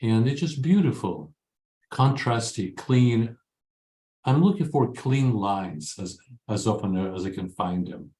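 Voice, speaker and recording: An older man from Ukraine recounts his career as an interview guest, speaking in a somewhat low voice. He is earnest and halting, pausing often. The recording carries a roomy echo. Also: animated, warm tone. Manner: earnest, halting, many pauses. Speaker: guest, photographer. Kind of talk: interview storytelling. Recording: echoey room.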